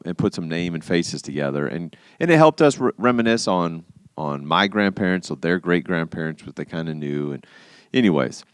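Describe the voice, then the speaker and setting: A man in his thirties co-hosting a podcast, telling a story in casual chat and acting out quotes with big jumps in pitch. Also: clear, resonant tone, dry recording, studio quality. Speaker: podcast co-host.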